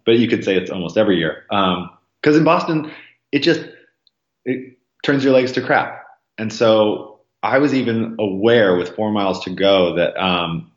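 In a casual interview conversation, a man who runs marathons rambles as a podcast guest, full of ums and likes. He acts out quoted voices with jumps in pitch, and the recording is roomy with a slightly dull sound.

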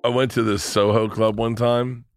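A man's voice: medium pitch, moderate pace, no room sound, studio quality, faint music behind. A man casually telling rambling, profane stories as a comedian guest on a podcast. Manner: rambling, profane, animated storyteller.

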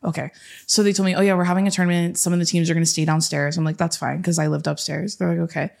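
Brief: young woman podcast co-host, fast and animated, a bit low-pitched, casual storyteller. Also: creaky.

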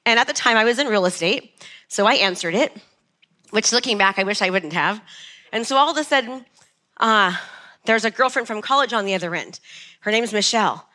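A woman's voice: mid-range voice, lively intonation, brisk, pauses often, bright, forceful tone. A woman in her forties giving a chatty, nervous motivational talk on stage to a live audience. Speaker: motivational speaker.

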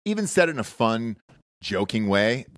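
A man's voice: fairly low pitch, moderate pace, no room sound. A man co-hosting a podcast, talking bluntly and profanely in casual chat, recorded on a dry close mic. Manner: profane, blunt, animated storytelling. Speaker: podcast co-host.

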